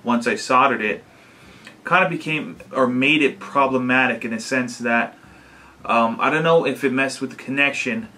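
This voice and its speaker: A man casually talking to his camera about a home-made prop, unhurried, with lots of fillers and restarts. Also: medium pitch, pushed and bright. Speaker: DIY maker vlogger. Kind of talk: casual explanatory vlog. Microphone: camera mic.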